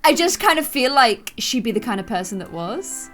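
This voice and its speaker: A woman's voice: a little high, very animated, normal speed, a bit bright, soft background music. A woman in her twenties giving casual, bubbly gameplay commentary, chatting with her viewers and sounding a bit stuffy and sneezy. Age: 20s. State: congested and sneezy. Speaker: gaming YouTuber.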